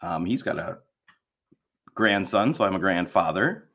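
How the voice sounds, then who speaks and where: A man's voice: low voice, expressive, unhurried, background noise. A man in his fifties, a grandfather, co-hosting a podcast in easygoing, teasing casual chat. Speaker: podcast co-host.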